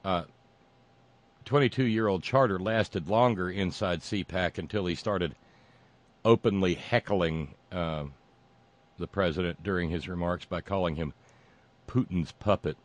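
A man with a fairly low voice hosts a sarcastic political monologue. He wanders through his points with fillers and restarts and keeps a mocking edge. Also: unhurried, pauses often. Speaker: political commentary host.

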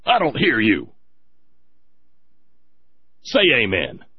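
A man's voice: lowish voice, huge pitch swings, slow, husky, no echo, exaggerated voice. A man doing a bullying coal preacher. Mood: commanding. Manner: loud, commanding, preachy. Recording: dry, dull lo-fi audio.

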